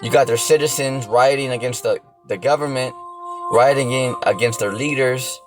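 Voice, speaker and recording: Man, off-the-cuff preaching, blunt and profane, average pitch, faint music behind. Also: moderate pace, low-quality recording. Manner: blunt and profane, keeps asking "see that?" and "you know?". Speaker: religious teacher.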